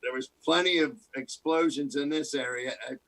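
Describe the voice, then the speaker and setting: A man co-hosting a podcast chats casually, spinning laid-back stories and doing playful impressions. His voice is on the high side with fairly even intonation, a normal pace and a fairly bright tone, though the recording is rough.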